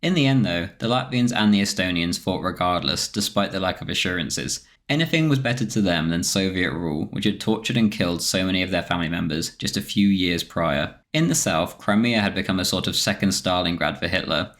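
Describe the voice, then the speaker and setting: A man reading a scripted history documentary narration in a steady, measured way. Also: low-pitched.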